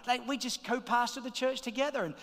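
Middle-aged male pastor, high bright voice, rousing sermon in a reverberant church hall. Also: a little fast. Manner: energetic, shouting calls to the congregation. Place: large church auditorium.

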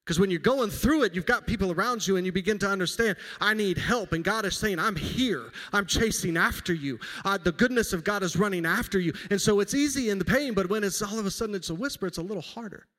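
A man's voice: sits high, fast talker, few pauses, fairly bright tone. Conversational male pastor in a reverberant hall. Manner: conversational, self-deprecating preaching with personal stories. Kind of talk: sermon. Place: church sanctuary.

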